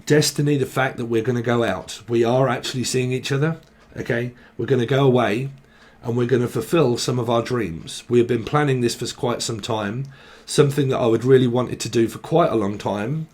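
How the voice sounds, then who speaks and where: A man's voice: medium pitch, fairly even intonation, brisk, darkish tone. A man giving a casual tarot reading in a loose, playful way, joking and wandering off on tangents. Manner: playful, jokey, slips into silly regional voices and laughs often. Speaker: tarot reader.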